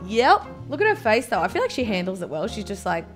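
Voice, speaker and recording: A woman's voice: mid-range voice, huge pitch swings, fast, faint music behind. A young Australian woman on her own mic, giving playful, sarcastic reaction commentary with frequent laughs. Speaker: vlogger.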